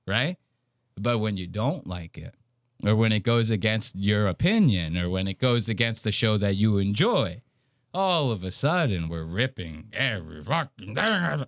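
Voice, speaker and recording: Animated man ranting on a podcast. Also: fairly low pitch, moderate pace, no echo, studio quality. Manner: animated, swearing, mocking. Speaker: podcast co-host. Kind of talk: casual podcast banter.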